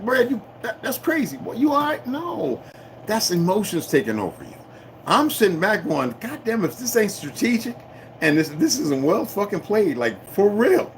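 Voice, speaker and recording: A middle-aged man hosts a casual livestream, talking straight to his viewers. His speech is loose and profane, broken by laughs and asides to chat. A faint hum of background noise runs under his mid-pitched voice. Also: a bit bright. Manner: profane, rambling, laughs often, talks to chat. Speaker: livestream host.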